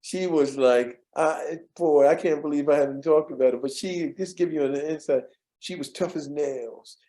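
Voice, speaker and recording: A man's voice: on the high side, moderate pace. A man being interviewed, telling casual anecdotes from an old workplace, chuckling often and acting out the voices of the people he quotes. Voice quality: animated storyteller who acts out quoted voices. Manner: chuckles often, repeats words while recalling. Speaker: interview guest.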